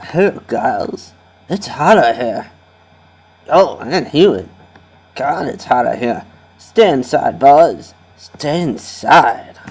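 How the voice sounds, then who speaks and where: A man voicing a heat-worn small-town weatherman with a husky voice and slow, drawn-out mumbling. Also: medium pitch, expressive, voice pushed down, exaggerated voice. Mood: wilted.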